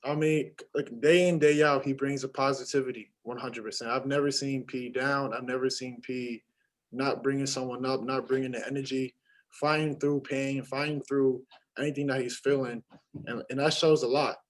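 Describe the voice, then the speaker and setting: Young male athlete, postgame presser; halting delivery full of fillers. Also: medium pitch, level tone, low-quality recording. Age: young adult. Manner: halting, many fillers and restarts. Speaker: college basketball player. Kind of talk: postgame press conference answers.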